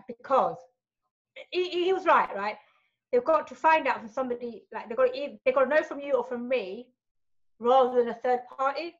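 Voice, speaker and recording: A woman's voice: fairly high pitch, brisk, highs cut off. A woman telling personal stories as a podcast guest, frank and sweary, tagging lines with right and you know. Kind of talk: candid storytelling in a podcast chat.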